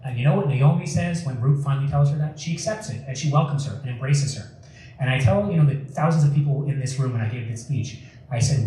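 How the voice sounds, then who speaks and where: A man's voice: mid-range voice, fast talker, mellow, a little hiss or hum. A young man speaking passionately as a guest speaker at a public talk, earnest and emphatic. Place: community center hall. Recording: echoey hall from far off.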